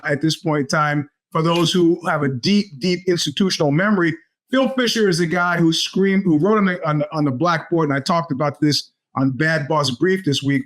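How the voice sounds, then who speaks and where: Podcast host: middle-aged New man, slightly raised pitch, loose rambling storyteller. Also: a bit bright. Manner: rambling storyteller with many restarts and fillers. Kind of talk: casual monologue.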